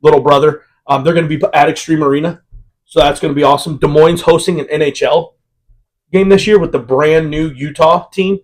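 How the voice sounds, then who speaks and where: A man's voice: fairly high pitch, fairly even intonation, a little fast. A man co-hosting a casual podcast chat, a parent who talks in an upbeat, rambling way with plenty of fillers. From Iowa, United States. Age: adult with children. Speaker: podcast co-host.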